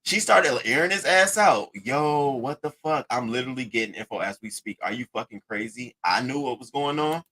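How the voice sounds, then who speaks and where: A man hosting a casual commentary, reading text messages aloud and reacting to them with a profane, animated delivery. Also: mid-range voice, brisk, few pauses, breathy edge, low-quality recording. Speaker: commentary host.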